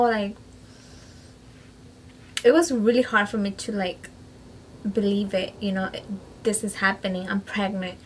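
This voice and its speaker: A woman's voice: mid-range voice, fairly bright tone, a little hiss or hum, rough recording. A woman vlogger casually telling a personal story to camera, filling her talk with "like" and "you know" and slipping into Spanish phrases. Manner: chatty, fills speech with "like" and "you know".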